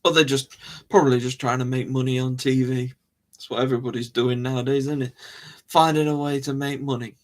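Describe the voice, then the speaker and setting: A man's voice: medium pitch, steady tone, brisk. A man hosting a live chat stream, rambling casually, laughing often and restarting his sentences. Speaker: livestream host.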